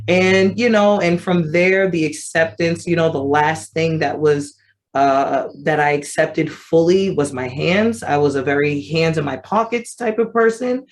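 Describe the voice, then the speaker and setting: A woman in her thirties telling her personal story as an advocate, conversational and animated, acting out her remembered thoughts. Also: sits low, measured pace. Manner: conversational with frequent fillers. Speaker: vitiligo advocate.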